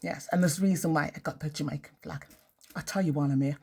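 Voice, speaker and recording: A woman's voice: deep voice, fairly even intonation, fast talker, vocal fry, warm tone, husky. A woman ranting in a casual monologue, blunt and swearing heavily. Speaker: vlogger.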